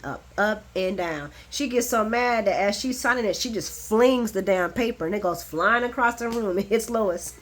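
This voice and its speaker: A woman giving a casual, animated recap of a soap opera, chatty and blunt, laughing often and swearing freely. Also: medium pitch.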